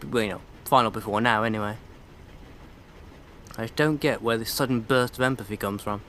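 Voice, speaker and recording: A man's voice: fairly low pitch, brisk, sharp tone, slight background noise. A man commenting casually on a video game he is playing, with sarcastic, irreverent asides. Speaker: let's play commentator.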